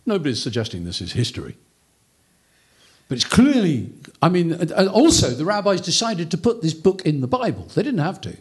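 A man giving a humorous lecture, telling a story as an animated, joking storyteller. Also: a little high, fairly quick, breathy edge.

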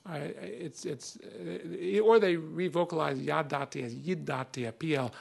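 Gravelly-voiced man lecturing a class. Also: a little high, moderate pace, hardly any pauses. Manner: conversational, many fillers, reads passages aloud with emphasis. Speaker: lecturer on Jewish texts.

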